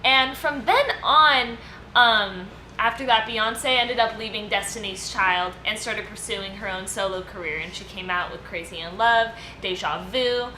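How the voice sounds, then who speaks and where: A woman co-hosting a casual podcast discussion, presenting her segment in a loose, chatty way with lots of fillers and easy laughter. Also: mid-range voice. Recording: echoey room with steady background noise.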